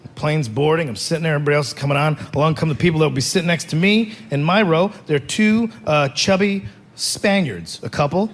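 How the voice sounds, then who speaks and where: A man's voice: on the high side, fast. A man performing stand-up comedy, telling a rambling, self-mocking story.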